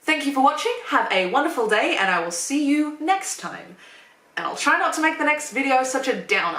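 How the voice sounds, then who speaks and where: A sardonic woman with a bright, somewhat high voice carries a sarcastic opinion monologue, dropping swear words and deadpan asides. The mic sits a little far off in an echoey room. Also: brisk. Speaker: YouTuber.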